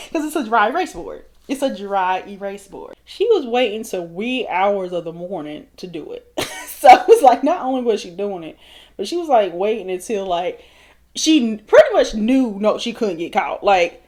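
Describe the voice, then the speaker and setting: A woman's voice: medium pitch, animated, normal speed, darkish tone. A woman in her thirties telling a storytime while doing her makeup, chatty and laughing often. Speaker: vlogger.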